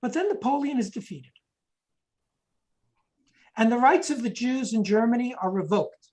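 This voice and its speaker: A woman's voice: fairly high pitch, animated, normal speed, darkish tone, rough recording. A woman giving a history lecture, explaining points and reading quotations aloud, sometimes correcting herself mid-sentence.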